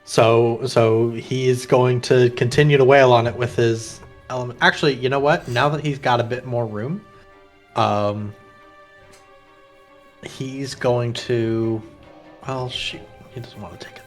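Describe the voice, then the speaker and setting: A man's voice: medium pitch, steady tone, a little slow, soft background music. A man playing a tabletop game, hesitant and thinking aloud. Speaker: player. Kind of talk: casual tabletop play.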